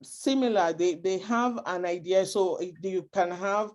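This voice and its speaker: A woman's voice: fairly low pitch, a little slow, darkish tone. A woman giving earnest parenting advice in an online talk over a video call, acting out short example quotes. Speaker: guest speaker on parenting.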